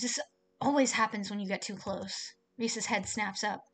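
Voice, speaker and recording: A woman's voice: mid-range voice, fairly even intonation, unhurried, fairly bright tone. A young woman streaming herself playing a visual novel at home. She reads the game text aloud and breaks off into chatty, exasperated asides.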